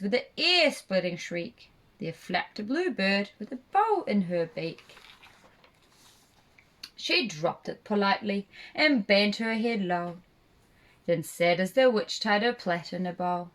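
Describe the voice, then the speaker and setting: Woman narrator for a children's puppet show, slow and expressive rhyming read-aloud. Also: medium pitch.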